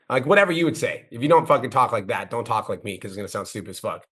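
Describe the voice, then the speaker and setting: A man coaching a guest with blunt, profane, rapid-fire critique. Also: mid-range voice, lively intonation, fairly bright tone, husky.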